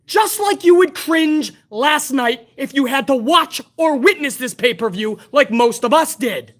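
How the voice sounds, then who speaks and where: A woman's voice: high voice, lively intonation, measured pace. A woman hosting a live wrestling review stream, ranting bluntly and heatedly with plenty of profanity. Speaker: wrestling show host.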